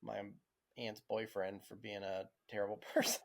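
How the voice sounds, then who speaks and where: A man's voice: on the low side, steady tone, moderate pace, creaky, slight background noise. A man, a podcast co-host telling stories casually, laughing through them and swearing freely. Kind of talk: casual storytelling.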